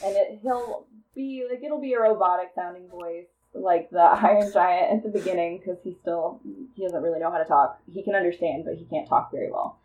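A woman co-hosting a comedy podcast, casually pitching a movie plot with lots of fillers and frequent laughter. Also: a little fast, darkish tone, dull audio. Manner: rambling storyteller, laughs often, many fillers.

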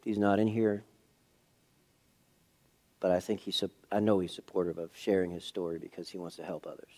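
A middle-aged male pastor preaching a sermon in a church. He tells a personal story, moving from hushed, quiet passages to raised, emphatic ones. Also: deep voice, fairly even intonation, fairly quick.

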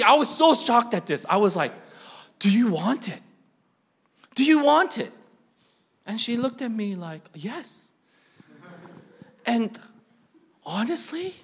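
A middle-aged man preaching a sermon, swinging between rising questions and quiet emphasis. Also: high voice, breathy edge. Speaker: pastor.

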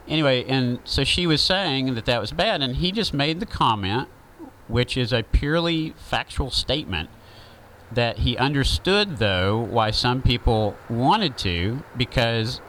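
A man's voice: on the low side, a bit bright, slight background noise, poor audio. A man with a Southern accent, talking through an opinion monologue in a rambling, conversational way with many fillers.

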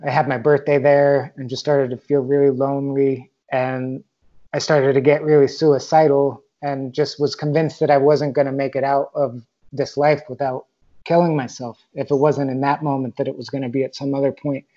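Brief: candid, reflective male storyteller, even-toned delivery, slightly dull lo-fi recording. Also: mid-range voice, normal speed. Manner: candid, reflective, swears casually. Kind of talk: personal storytelling monologue.

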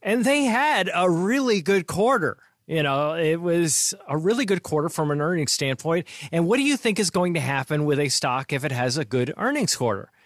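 A man's voice: on the high side, lively intonation, normal speed, hardly any pauses, dry recording, clean studio sound. A man hosting a finance podcast, chatting casually and laughing often as he retells stories. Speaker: podcast host.

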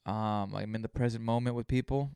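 A man's voice: on the low side, fairly even intonation, brisk, mellow, clear, resonant tone, dry recording, studio quality. Man rambling on a solo podcast. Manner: rambling storytelling, heavy swearing. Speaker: podcast host. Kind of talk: casual solo podcast monologue.

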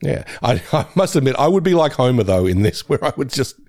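A man's voice: mid-range voice, very animated, a little fast, a little mellow. A man co-hosting a podcast, bantering in a jokey way with frequent laughs. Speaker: podcast co-host. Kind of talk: casual chat.

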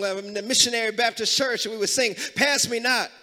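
A man a sermon as pastor, moving from talk into sung and shouted hymn lines. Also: extremely high pitch, fairly even intonation, a little fast, few pauses. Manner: preaching that builds into singing and shouting hymns. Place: church sanctuary. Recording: reverberant church with music.

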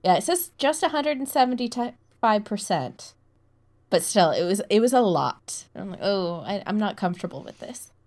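A woman's voice: mid-range voice, lively intonation, moderate pace, a little mellow. A woman co-hosting a podcast in casual chat, playful and swearing offhandedly. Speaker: podcast co-host.

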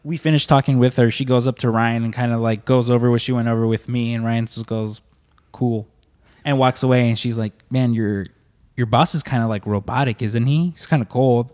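A man's voice: medium pitch, fairly even intonation, a little fast, a little mellow. Man, hesitant, lots of fillers, casual chat, hall reverb. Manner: hesitant, filler-heavy storytelling.

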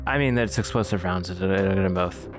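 A man's voice: deep voice, fairly quick, soft background music, close to an everyday voice. Man playing Ironhide, a dry soldier robot. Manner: quiet, subdued official tone. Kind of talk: improvised comedy sketch.

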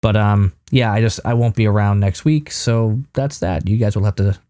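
A man's voice: lowish voice, normal speed, dark tone, dry recording. A tired man co-hosting a casual podcast, recapping a show in a rambling way with many fillers and restarts. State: worn out. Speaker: podcast co-host.

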